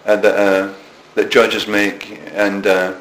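A man from Scotland, in his seventies, talks slowly and in a monotone with a lowish, slightly bright voice. Recorded in an echoey room with faint noise, he shares self-mocking anecdotes in an interview, restarting often.

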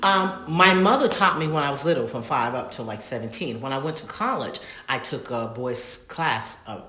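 A woman's voice: rumbling low, moderate pace. A middle-aged woman from North Carolina, an actress and singer, telling stories in an interview and acting out voices as she goes. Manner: animated, acts out voices in her stories, laughs often. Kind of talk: casual interview storytelling. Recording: echoey room.

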